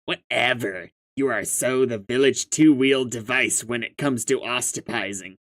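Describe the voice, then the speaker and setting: A man's voice: medium pitch, measured pace, a bit bright, lightly acted. A man reading aloud as a pushy, profane young sea troll with schemes of his own, speaking in a mocking tone. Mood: scornful.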